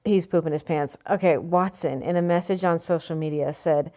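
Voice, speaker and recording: A woman's voice: on the low side, steady tone, moderate pace, a little mellow. A woman vlogger reading out an article and commenting on it in a blunt, sarcastic, profane rant. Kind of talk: opinion vlog reading an article.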